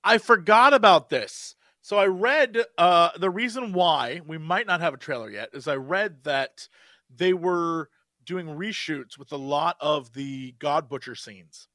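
A man's voice: fairly high pitch, unhurried, pushed and bright, dry recording, clean studio sound. A man co-hosting a podcast in a playful, hesitant casual chat. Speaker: podcast co-host.

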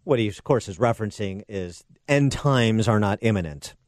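A man's voice: fairly low pitch, lively intonation, moderate pace, dry recording. A man hosting a political talk radio show, delivering sarcastic and combative commentary into a studio microphone.

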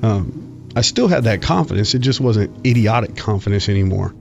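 A man's voice: fairly low pitch, lively intonation, moderate pace, creaky, over loud music. A middle-aged man, a former football player, telling stories in a casual interview, rambling with many fillers and restarts. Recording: dull lo-fi sound.

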